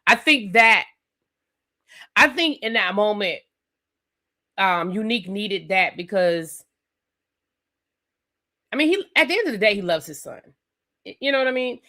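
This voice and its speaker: A woman hosting a live TV review stream, recapping an episode in a chatty, animated way with lots of fillers and asides. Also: mid-range voice, a little slow, long pauses. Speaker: TV review channel host.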